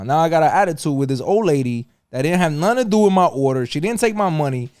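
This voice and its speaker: A man's voice: fairly high pitch, animated, fast talker, a little mellow, smooth, no room sound. A middle-aged New York man tells a story with a lot of swearing, his voice slightly raised and swinging up and down as he acts out the other people. The sound is close and dry, with no room around it. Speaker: podcast co-host. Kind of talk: casual storytelling.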